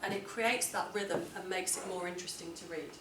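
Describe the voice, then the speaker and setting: A woman teaching a writing lesson to a class, clear and deliberate, stressing words as she reads model texts aloud. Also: fairly low pitch, fairly even intonation, noisy background. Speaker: English teacher. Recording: echoey classroom, from a distance.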